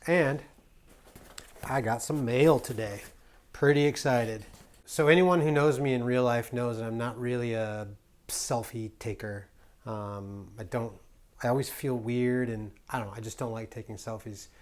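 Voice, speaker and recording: This American man is a travel vlogger chatting casually to the camera. His medium-pitched voice keeps a fairly even intonation and a measured pace, and he rambles playfully, full of ums, fillers and restarts.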